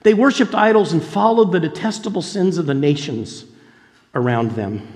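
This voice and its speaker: Male pastor, earnest animated preaching, slightly high voice, reverberant hall sound. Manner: earnest, animated storytelling with repeated words and quoted voices. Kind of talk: sermon.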